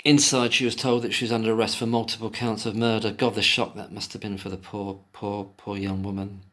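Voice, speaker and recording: A man with a lowish, slightly bright voice reads an article aloud at a brisk pace and in a flat delivery. In this solo commentary, he repeatedly stops to launch into indignant, emotional rants with plenty of profanity.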